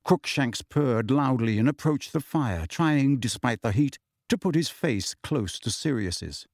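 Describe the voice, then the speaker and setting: Reading scripted narration for an audiobook, a man with a medium-pitched voice tells the story expressively and at a measured pace. The recording is studio quality, with no audible room sound.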